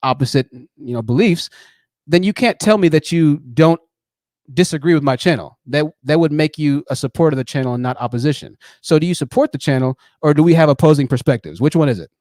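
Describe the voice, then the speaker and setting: Mocking, higher-pitched man host. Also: animated, fast talker, darkish tone, dry recording, clean studio sound. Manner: mocking, pressing, repeats words. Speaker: channel host. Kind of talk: live-stream call-in debate.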